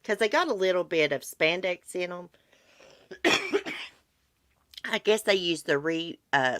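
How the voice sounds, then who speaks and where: A woman's voice: fairly low pitch, sharp tone, smooth, dry recording, studio quality. A congested middle-aged woman, hosting a casual livestream chat in a blunt, chatty way. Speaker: livestream host. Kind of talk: casual chat about true crime with live viewers.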